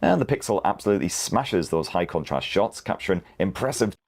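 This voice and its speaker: Deep-voiced British man reviewing phones. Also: sing-song. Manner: brisk, slangy, reads specs crisply. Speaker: tech video presenter. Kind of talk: scripted tech review narration.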